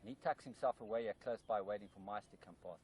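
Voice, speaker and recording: A man's voice: on the low side, quick pace, darkish tone, rough recording. Male wildlife presenter, keen and explanatory, recorded outdoors with a faint background hiss. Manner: enthusiastic, explains while handling a snake.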